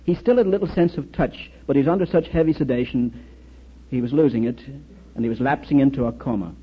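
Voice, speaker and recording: A man's voice: medium pitch, fast, breathy edge. A man who served as a military chaplain, giving an earnest lecture full of anecdotes and rhetorical questions, on a dull lo-fi recording. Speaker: speaker, former military chaplain.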